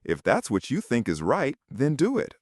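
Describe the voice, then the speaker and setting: A man voicing a quiet, saddened husband who answers calmly in a spoken story. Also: medium pitch, moderate pace, slightly rough, no echo, studio quality, voice pushed up. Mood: resigned. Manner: calm, quietly hurt. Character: calm, saddened working-class husband.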